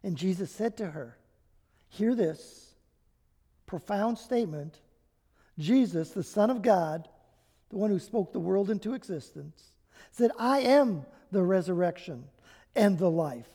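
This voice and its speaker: A pastor preaches a sermon, reading scripture aloud with dramatic emphasis and speaking in a personal, reflective way. The voice is mid-range, expressive, warm, and unhurried, with long hall reverb in the recording.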